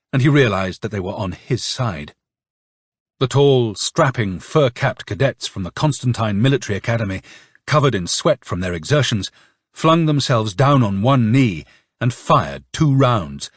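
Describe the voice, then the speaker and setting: A man narrating an audiobook in an expressive, dramatic reading style. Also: mid-range voice, husky, no room sound, clean studio sound. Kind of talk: scripted narration.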